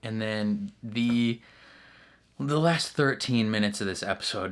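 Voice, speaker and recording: A man's voice: fairly low pitch, a bit bright. A young man hosting a reaction video, talking casually and earnestly about a show's finale, with laughs and fillers along the way. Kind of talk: casual post-episode discussion.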